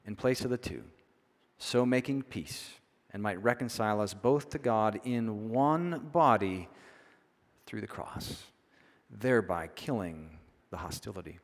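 A man's voice: fairly low pitch, lively intonation, unhurried. Man, pastor, conversational sermon, often checks in with listeners, church sanctuary, long echoing hall. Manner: conversational, keeps asking "right?".

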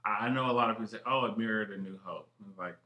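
A man co-hosting a podcast, chatting excitedly with lots of swearing, jumping from one thought to the next. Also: on the low side, fast talker. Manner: excitable, heavy swearing, jumps between thoughts. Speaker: podcast co-host. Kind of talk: casual chat. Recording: roomy echo.

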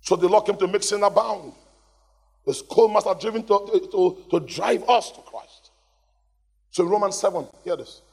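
A man preaching a lively sermon in a church hall, calling out to the congregation for responses. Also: high voice, normal speed, creaky, breathy edge. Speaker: pastor. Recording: long hall reverb.

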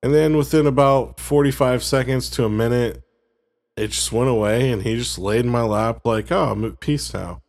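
A laid-back man with a gravelly, fry-edged voice rambles through a story in casual conversation. His tone is easygoing and joking as he talks with a co-host. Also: mid-range voice, moderate pace, a little mellow. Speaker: podcast co-host. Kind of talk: casual chat.

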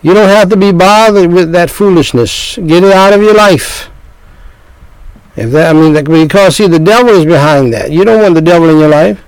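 A man's voice: high voice, normal speed, clean tone, dry recording, low-quality recording. An older man preaching a sermon, scolding his listeners with repeated points and rhetorical questions.

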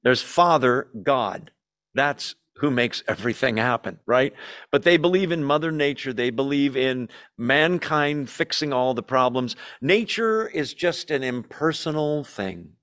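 A male pastor teaching through scripture in a relaxed, conversational sermon. His pitch sits in the middle for a man. He keeps turning to the congregation with questions and swings up and down in pitch as he makes his points. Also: a little slow. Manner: conversational, asks the audience questions, lively shifts in pitch. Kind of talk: verse-by-verse Bible teaching.

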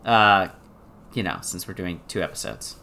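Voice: sits low, sing-song, vocal fry, sharp tone. A podcast co-host chatting casually, chiming in with short jokes and quips. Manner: joking, quick interjections.

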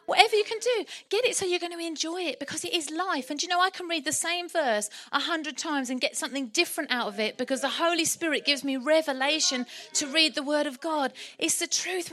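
Lively, bright-voiced woman preaching. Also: sits high. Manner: lively, humorous and animated, often laughing. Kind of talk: sermon. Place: church.

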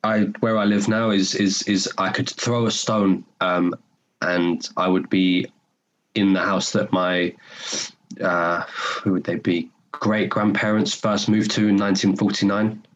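A man's voice: on the low side, level tone, a little slow, dull audio. A young man with a North London accent, a podcast guest chatting casually in an earnest, rambling way with many repeated words. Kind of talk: casual conversation.

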